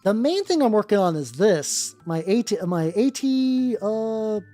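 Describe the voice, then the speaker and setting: A hobby streamer talks with viewers while painting miniatures, wandering from thought to thought with lots of false starts and casual swearing. The voice sits at a middling pitch but swings widely as they chat. Soft music plays quietly underneath. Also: very animated, unhurried. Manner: rambling, restarts often, swears casually, greets chat viewers.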